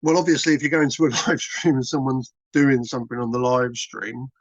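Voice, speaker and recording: A man's voice: mid-range voice, brisk, no echo. British male interviewee, casual and repetitive, mid-range voice, dull dry recording. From Britain. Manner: rambling, repetitive, plain-spoken. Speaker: interview guest, content creator.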